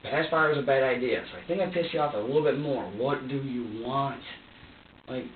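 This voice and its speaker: A man's voice: medium pitch, racing. A man being questioned by investigators, rambling, agitated and swearing heavily as he recounts what happened. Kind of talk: recounting events under questioning. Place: sheriff's interrogation room. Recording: echoey distant lo-fi video with faint hiss.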